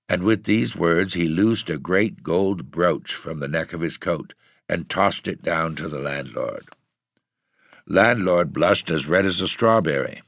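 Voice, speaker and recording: A man reading a ghost story aloud in a steady, measured way. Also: sits low, gravelly, no echo, clean studio sound. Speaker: audiobook reader.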